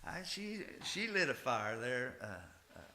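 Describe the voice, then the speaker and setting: An older man, a folk musician, talking casually and haltingly at a music gathering, with many fillers and restarts. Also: mid-range voice, big pitch swings, sharp tone, slight background noise. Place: music festival stage, roomy hall. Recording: roomy hall with instrument playing.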